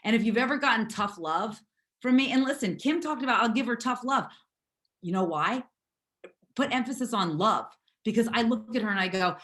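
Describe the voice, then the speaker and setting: A hoarse woman leading a motivational team call, emphatic and repetitive as she urges her team on. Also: on the high side, animated, moderate pace, a bit bright. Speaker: network marketing team leader.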